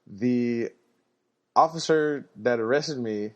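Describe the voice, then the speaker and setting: A man's voice: medium pitch, slow pace, lo-fi sound. A man telling a story in a laid-back way on a podcast, laughing now and then. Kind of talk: casual storytelling.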